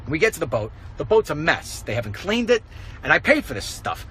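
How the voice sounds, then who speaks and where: Middle-aged guy ranting while he walks outside, bright voice, all over the place pitch-wise. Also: fairly quick, slight background noise, poor audio. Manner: animated, storytelling, ranting. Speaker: conservative radio host. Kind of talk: walk-and-talk vlog rant. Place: outdoors, walking.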